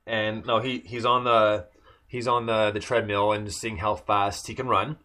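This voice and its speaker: A man with a fairly low voice talks through a TV episode in loose podcast chat. He rambles, fills gaps with "like" and "uh", and restarts his sentences often. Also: flat delivery, moderate pace, sharp tone. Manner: rambling, many fillers and restarts. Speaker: podcast co-host. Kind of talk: casual chat recapping a TV episode.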